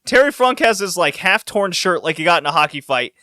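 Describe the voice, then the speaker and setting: A man co-hosting a podcast, telling a story in a casual, animated way and laughing along. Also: high-pitched, fairly quick, dry recording, studio quality. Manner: animated storytelling, laughing, voices rising when excited. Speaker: podcast co-host.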